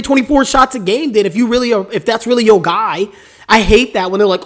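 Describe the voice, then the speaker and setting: A man's voice: high voice, brisk, a bit bright. Man, solo podcast host, casual, opinionated, rambling, hiccuping. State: has the hiccups. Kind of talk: solo sports podcast commentary.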